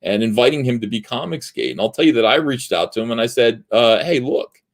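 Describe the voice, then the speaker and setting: A man hosting a livestream in a heated, profanity-laced commentary rant. His pitch swings widely as he talks, and he fills the gaps with frequent "uh" pauses. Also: animated. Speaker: livestream host.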